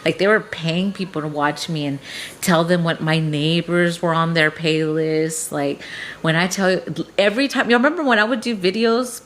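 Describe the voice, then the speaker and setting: Lower-voiced woman, profane rambling chat. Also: steady tone, normal speed, a bit bright, a little hiss or hum. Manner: profane, rambling, laughs often. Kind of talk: casual livestream chat.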